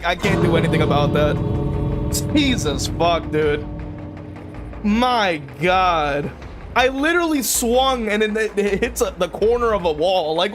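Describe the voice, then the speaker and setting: Brief: young man, high voice, venting casually to chat while gaming, sweary and exasperated. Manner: exasperated, swearing, frequent laughs. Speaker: game streamer. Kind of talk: casual livestream commentary.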